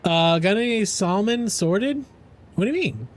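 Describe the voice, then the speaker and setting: A man's voice: high-pitched, lively intonation, a little slow. A young man streaming a game, chatting casually and playfully with his viewers, rambling and joking as he goes. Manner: playful, rambling, answers chat and jokes around. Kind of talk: casual live-stream chat.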